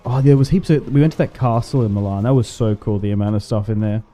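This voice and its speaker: A man with a warm voice on the low side talks fast as he livestreams a strategy game. His casual chat rambles, punctuated by frequent laughter.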